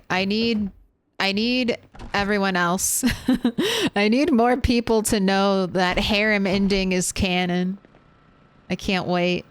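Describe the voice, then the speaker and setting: A woman's voice: medium pitch, clean tone. A young woman streaming a game, chatting casually as she plays, rambling between topics and swearing freely. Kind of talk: casual gameplay chat.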